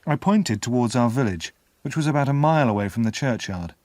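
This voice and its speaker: A man narrating a classic novel aloud as an audiobook reader, expressive and measured. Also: medium pitch, dry recording. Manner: expressive storytelling, measured pace. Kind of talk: scripted narration.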